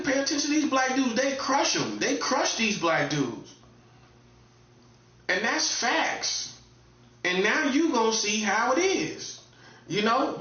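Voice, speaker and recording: High, forceful man lecturing. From North Carolina. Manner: emphatic and repetitive, lecturing the listener directly. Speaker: online commentator. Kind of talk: casual opinion monologue. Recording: roomy, dull lo-fi sound.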